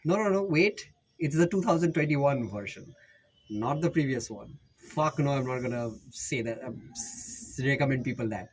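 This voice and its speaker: A man's voice: medium pitch, lively intonation, moderate pace, slight background noise, poor audio. A man with an Indian accent, rambling jokily through casual recommendations as a YouTuber and often correcting himself. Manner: rambling, jokey, self-correcting.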